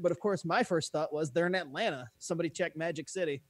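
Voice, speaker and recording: A man's voice: fairly high pitch, fast talker, hardly any pauses, no room sound. A man co-hosting a casual podcast chat, blunt and joking. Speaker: podcast co-host.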